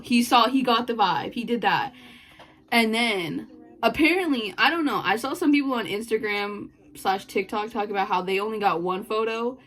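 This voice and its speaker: A woman's voice: medium pitch, fairly bright tone. A young woman vlogging a casual storytime, rambling, giddy and swearing, with bursts of laughter.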